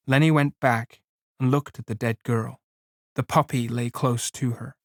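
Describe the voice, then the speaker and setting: A man narrates a story in a measured, plain reading voice. His pitch sits in the middle range. The recording is dry, close to the mic, with no room sound. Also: fairly even intonation, no echo. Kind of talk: audiobook reading.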